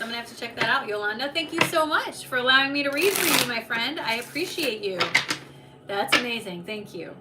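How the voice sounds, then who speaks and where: A woman's voice: on the high side, expressive, moderate pace. A woman hosting a live oracle card reading stream, chatty and reassuring, talking to viewers by name. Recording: distant mic with background noise.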